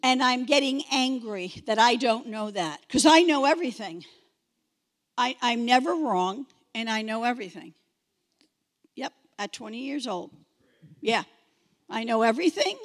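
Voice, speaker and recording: A woman telling her personal testimony, animated and acting out the voices of the people in her story. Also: a little high, measured pace, long pauses. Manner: animated, acts out quoted voices. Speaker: testimony speaker. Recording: long hall reverb.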